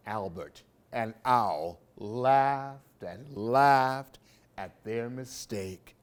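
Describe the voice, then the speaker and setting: A man reading picture books aloud for children in an expressive, sing-song way. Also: mid-range voice, extremely slow. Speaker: storyteller for a library program.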